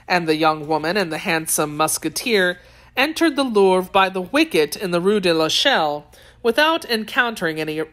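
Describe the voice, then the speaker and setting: A woman narrates a classic novel as an audiobook reader. Her voice sits somewhat low, and she reads in a steady, clear way.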